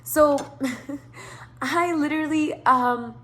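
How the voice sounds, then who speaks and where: Animated, laughing woman telling a story. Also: sits high, slow. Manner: animated, frequent laughter, heavy swearing, rambling asides. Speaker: tarot channel host. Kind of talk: casual storytime monologue.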